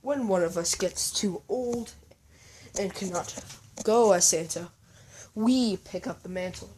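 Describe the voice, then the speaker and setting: A woman voicing a jolly, cheerful old Santa Claus, speaking loudly and heartily. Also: medium pitch, a little slow, slight background noise, close to an everyday voice, rough recording. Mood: explaining. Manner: hearty, loud, chuckling.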